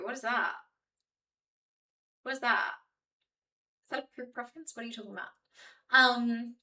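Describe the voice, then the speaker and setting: A woman's voice: a little high, sharp tone, recorded from a distance, low-quality recording. A woman streaming from home, chatting casually with her viewers and reading out their messages, with lots of fillers. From New Zealand and Australia. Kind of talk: casual chat with live viewers.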